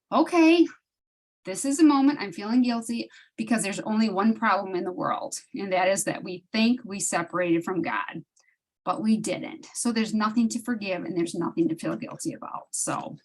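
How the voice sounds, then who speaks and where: A woman's voice: medium pitch, husky, poor audio. A woman talking casually on an online study group call, sharing a personal story with many restarts and laughs. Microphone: video call.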